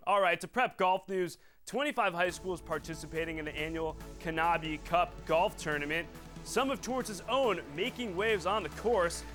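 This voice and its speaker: Host, male, bright upbeat read, jokey local sports desk, music bed behind. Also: fairly high pitch. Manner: playful, sings snippets and does bits. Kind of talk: scripted sports news with jokes.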